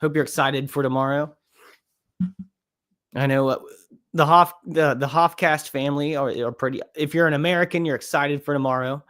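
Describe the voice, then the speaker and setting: A man's voice: a little high, fairly even intonation, normal speed, a bit bright. A man hosting a live podcast stream, chatting in a laid-back, rambling way as he reacts to clips. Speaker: livestream podcast host. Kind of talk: casual live-stream commentary.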